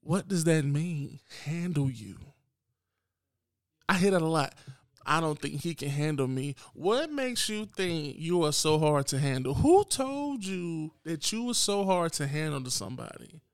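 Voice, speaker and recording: A man hosts his podcast in a blunt, unapologetic solo rant, talking straight at his listeners. His voice sits a little high with a gravelly, fry-laden edge. The sound is dry and close. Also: sing-song, measured pace, no echo. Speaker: podcast host.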